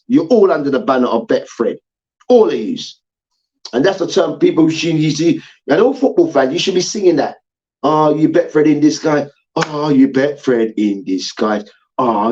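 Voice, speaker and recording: A man's voice: mid-range voice, darkish tone, lo-fi sound. A man hosting a sports debate show, ranting heatedly, swearing and repeating his points for emphasis.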